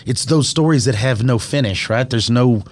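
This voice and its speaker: Speaking at a moderate pace in a mid-range voice, this man co-hosts a podcast. He shares a strange story in casual conversation, performing the quoted lines with animation.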